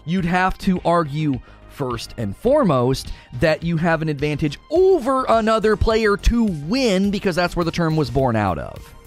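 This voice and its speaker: Male streamer, somewhat high voice, exasperated rant, faint music behind. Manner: argumentative, sarcastic, exasperated. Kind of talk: ranting commentary.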